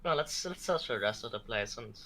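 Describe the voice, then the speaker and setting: A man at a tabletop game tosses out playful, joking remarks. His voice is bright and forward, with a lively, animated pitch. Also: a little fast, creaky, slight background noise. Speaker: player. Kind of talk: casual tabletop game chat.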